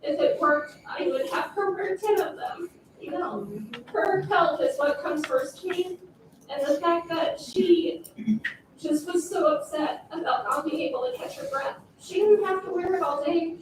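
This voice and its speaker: A woman's voice: very high voice, a little slow, recorded from a distance, background noise. A woman, a mother, giving earnest and emotional public comment at a school board meeting. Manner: emotional, earnest personal testimony. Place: large meeting room. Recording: echoey room, voice heard from afar.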